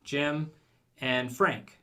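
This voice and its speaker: Man, podcast co-host, casual chat, bright clear tone. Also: mid-range voice, drawn-out words. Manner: relaxed, conversational, with frequent fillers.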